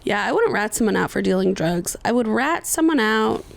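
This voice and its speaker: A woman co-hosting a podcast in casual chat, joking and quick with wisecracks. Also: mid-range voice, expressive, vocal fry. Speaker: podcast co-host.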